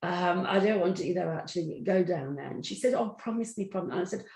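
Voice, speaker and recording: A woman's voice: on the low side, quick pace, creaky, darkish tone. A middle-aged woman, telling stories as a guest in an interview and acting out the voices in her anecdotes. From English Midlands. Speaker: guest psychic medium. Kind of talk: storytelling in an interview. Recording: roomy echo.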